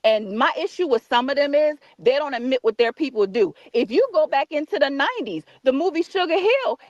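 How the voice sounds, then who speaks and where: A woman joins the livestream remotely and lays out her view with assertive explanation. Her voice is high, and the audio is dry, dull and muffled, like a call line. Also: no room sound. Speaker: livestream guest. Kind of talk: debate on a livestream.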